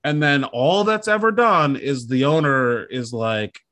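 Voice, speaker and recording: A man's voice: mid-range voice, unhurried, a bit bright. A man chatting casually on a podcast, rambling and self-deprecating as he tells a comic story. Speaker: podcast co-host. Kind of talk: casual comedic chat.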